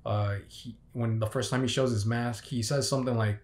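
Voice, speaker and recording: A man's voice: mid-range voice, fairly even intonation, normal speed, a little mellow. A young man giving a casual, unscripted movie review, rambling with many fillers and restarts. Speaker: film reviewer.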